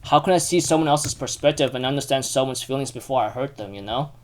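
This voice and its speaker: A man voicing a remorseful young man quietly admitting he never understood other people's feelings. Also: medium pitch, quick pace, pitched below the performer's own voice, lightly acted. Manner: subdued, confessional.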